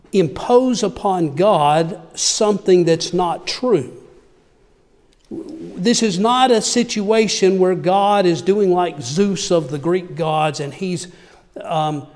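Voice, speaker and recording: A high-pitched male preacher delivers a sermon, reading verses aloud before explaining them. He puts questions to his listeners as he goes. His voice rings with the long reverb of a large hall. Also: a little mellow. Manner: reads scripture aloud then explains it, asks the listeners questions.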